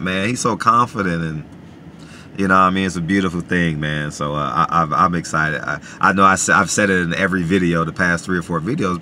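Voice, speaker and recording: Man, chatty vlog from a car, lowish voice, very bright forceful tone, faint background hiss. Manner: animated, many filler phrases, repeats himself. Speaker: boxing vlogger. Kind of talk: casual talk to camera.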